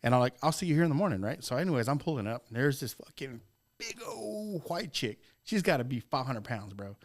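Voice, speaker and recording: A man's voice: medium pitch, sing-song, fairly quick. A middle-aged man hosting a podcast, telling long, profane, rambling stories in casual chat. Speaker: podcast host.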